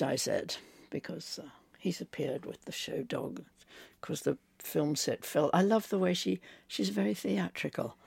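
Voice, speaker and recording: A woman's voice: fairly low pitch, measured pace, vocal fry, a little mellow, slightly rough, no room sound. An older woman from England, a novelist being interviewed, telling rambling anecdotes with fillers. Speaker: novelist guest. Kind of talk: conversational interview.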